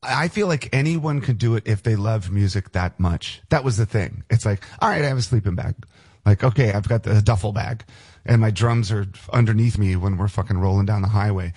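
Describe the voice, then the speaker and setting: Middle-aged man, husky voice, loose and profane storyteller, guest on a talk show. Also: lowish voice, brisk, darkish tone. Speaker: guest musician. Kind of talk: casual storytelling.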